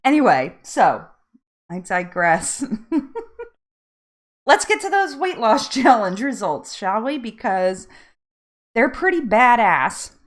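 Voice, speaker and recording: A woman from New Jersey hosts a casual live chat from home, talking to her viewers. Her pitch swings widely while her pace stays easy and slow. She laughs often and wanders off on tangents. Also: very animated. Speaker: live stream host.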